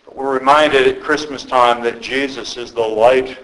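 A man's voice: mid-range voice, steady tone, a bit bright, rough recording. A male pastor preaching a sermon in an earnest, conversational way, often restarting his phrases. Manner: earnest, halting with repeated restarts.

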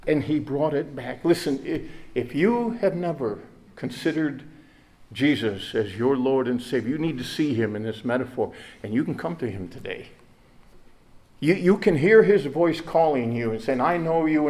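A man's voice: mid-range voice, darkish tone. A male pastor preaching a sermon in earnest, often repeating words and rising to emphatic peaks.

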